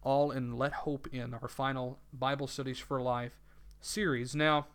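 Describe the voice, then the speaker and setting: A man's voice: medium pitch, level tone, a little slow, clean tone. A man with a Southern US accent hosting a faith talk show, speaking casually with many hesitations and restarts. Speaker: radio show host.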